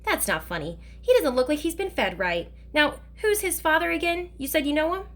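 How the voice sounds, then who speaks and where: A woman's voice: high-pitched, expressive, brisk, pitched above the performer's own voice. A woman reading as a kindly, scolding mother. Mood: disapproving. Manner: warm with the child, sharp with her father. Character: kind but scolding grown woman, a mother.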